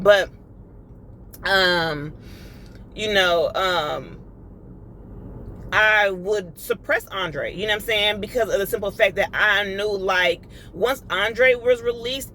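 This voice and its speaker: Woman sharing a heartfelt spiritual vlog, bright voice, emotional and conversational, light ambient noise. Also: medium pitch, rough recording. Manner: emotional, confiding, many fillers and repeats. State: tearful. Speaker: inspirational vlogger. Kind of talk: casual spiritual vlog monologue.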